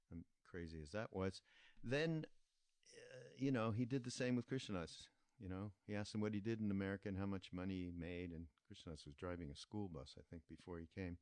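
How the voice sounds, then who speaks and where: A deep-voiced older man recounts a memory at an unhurried pace, often pausing on fillers. The sound is dry and close. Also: a little mellow, dry recording. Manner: unhurried, halting with many fillers. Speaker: podcast host. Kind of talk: reflective storytelling.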